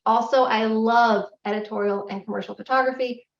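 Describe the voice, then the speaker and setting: A middle-aged woman giving a public lecture in a candid, self-deprecating, animated way. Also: a little high, fairly quick. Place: lecture hall. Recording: echoey hall, distant, dull lo-fi.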